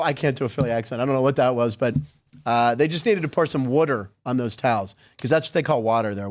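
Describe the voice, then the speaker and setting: A man's voice: mid-range voice, very animated, fast. A man hosting a sports podcast, chatting casually with wry, sarcastic asides.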